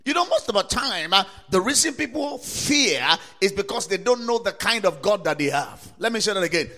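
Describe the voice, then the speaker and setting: A man preaching a sermon to listeners, asking rhetorical questions again and again, citing scripture verses and building up to emphatic shouts. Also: high voice, expressive, moderate pace. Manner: quotes and cites scripture verses. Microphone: recorded for broadcast to listeners or viewers.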